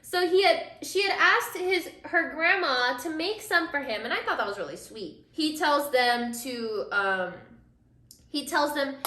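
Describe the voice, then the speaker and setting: A woman's voice: high-pitched, lively intonation, a little slow, pushed and bright. A young woman vlogger casually recapping a drama while doing her makeup, chatty and full of fillers, acting out the characters' lines. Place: room at home, doing makeup. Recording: echoey room.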